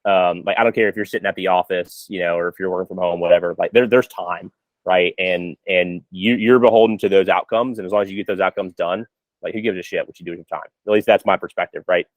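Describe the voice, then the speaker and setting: Low-voiced podcast host, dry sound. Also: male voice, steady tone, no room sound, rough recording. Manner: halting, searching for words, many fillers. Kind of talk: podcast interview.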